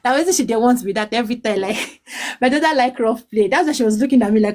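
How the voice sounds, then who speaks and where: Speaking at a quick pace, a Nigerian woman in her late 30s uses a high, bright-pitched voice to recount her difficult life in English and Pidgin. Her emotional testimony is full of pleading and restarts, the words tumbling out with deep feeling.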